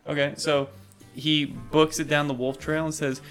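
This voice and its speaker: A man's voice: a little high, level tone, normal speed, music in the background. A man narrating as game master of a tabletop game, casual and profane.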